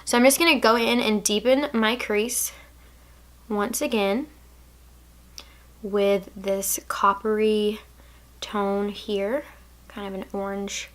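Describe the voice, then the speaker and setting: A young woman from Alabama with a Southern accent, chatting casually through a makeup tutorial, playful and drifting into soft asides. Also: medium pitch, steady tone, takes it slowly, long pauses. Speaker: beauty vlogger.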